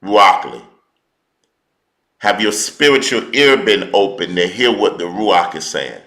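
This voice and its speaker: A man preaching a teaching sermon, slow and deliberate, repeating key words for emphasis in informal, colloquial speech. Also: low voice, expressive, sharp tone, echoey room, low-quality recording.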